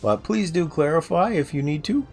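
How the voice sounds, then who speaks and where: A man's voice: on the high side, expressive, moderate pace, a little mellow, faint music behind. A man casually chatting on a game livestream, self-deprecating and answering viewers' chat. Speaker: game streamer.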